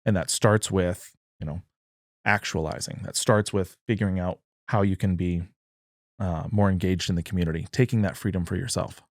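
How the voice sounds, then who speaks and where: A man's voice: deep voice, fairly even intonation, normal speed, no room sound, clean studio sound. A man talking earnestly in a political discussion and acting out the quoted dialogue. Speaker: podcast guest, party chair.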